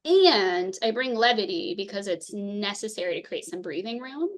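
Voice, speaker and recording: A woman in her thirties, a therapist and podcast guest, telling stories quickly and laughing often. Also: medium pitch. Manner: fast, lively storytelling, laughs often. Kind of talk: casual interview conversation.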